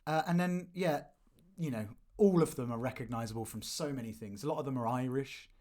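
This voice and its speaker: A man from the English Midlands co-hosts a film podcast, chatting casually about reviews in a rambling, hesitant way full of fillers and restarts. His mid-range voice is fairly quick with a darkish tone.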